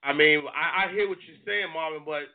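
A man's voice: on the high side, brisk, narrow, tinny audio. Chatty male call-in show host. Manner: loose, conversational, pushes back on the guest. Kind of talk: call-in radio interview.

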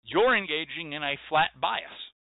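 A man's voice: on the high side, lively intonation, a little slow, vocal fry, no echo. A man hosting a show, delivering an emphatic, preachy monologue with lots of repetition. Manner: emphatic, preachy, repeats phrases for effect. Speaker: host. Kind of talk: impassioned monologue. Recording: dry tinny phone-like sound.

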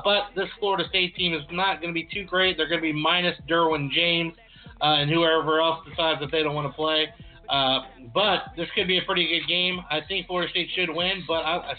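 Easygoing and filler-heavy, a man co-hosting a sports chat says "uh" again and again at a fairly quick pace. His voice is a little high and steady in tone, coming through a tinny, phone-like line.

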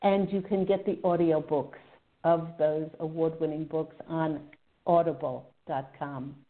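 A woman's voice: deep voice, fairly even intonation, unhurried. Woman hosting a radio call-in over a tinny line. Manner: warm, effusive, relays messages with many fillers. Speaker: radio show host and psychic reader. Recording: phone-like narrow audio.

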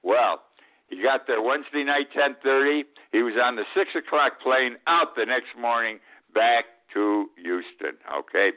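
An older man from upstate New York hosting a radio talk show, giving a blunt, sarcastic commentary monologue and often tagging on "okay?". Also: fairly low pitch. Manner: blunt, sarcastic, drawn-out emphasis with frequent "okay?". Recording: tinny phone-like radio audio.

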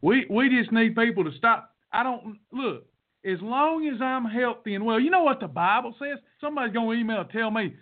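A man's voice: extremely high pitch, a little fast. A man hosting a podcast, giving a blunt, folksy and fiery motivational talk that repeats itself like a sermon. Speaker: podcast host. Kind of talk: preachy motivational monologue. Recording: tinny phone-like sound.

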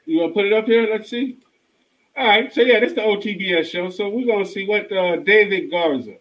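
Giggly high-voiced man co-hosting. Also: a little fast, a bit bright, poor audio. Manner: playful, giggly, loose. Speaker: podcast co-host. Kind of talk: casual sports chat.

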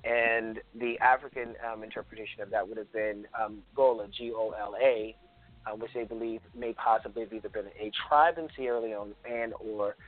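A man from South Carolina, a guest in an interview, talking thoughtfully with many pauses and ums as he tells stories. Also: fairly low pitch. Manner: thoughtful, frequent ums, storytelling. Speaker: guest, cultural preservationist. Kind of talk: conversational interview. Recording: phone-like lo-fi audio.

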